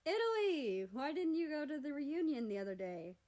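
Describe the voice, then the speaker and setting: A woman's voice: sits high, expressive, brisk, warm tone, voice pushed up. A woman voicing a teasing, upbeat young man who works as an actor, in a storybook reading. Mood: playful.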